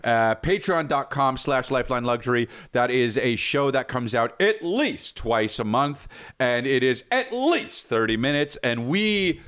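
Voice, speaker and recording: A man's voice: mid-range voice, sing-song, unhurried, a bit bright, smooth, no echo, clean studio sound. A man in his thirties co-hosting a podcast, rambling in casual chat and stumbling over names and restarts. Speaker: podcast co-host.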